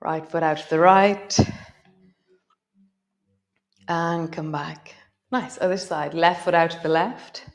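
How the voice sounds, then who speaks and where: A middle-aged woman guiding a yoga class with gentle, unhurried cues and soft laughs. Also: low-pitched, fairly even intonation. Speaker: yoga teacher. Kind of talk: guided yoga class instruction.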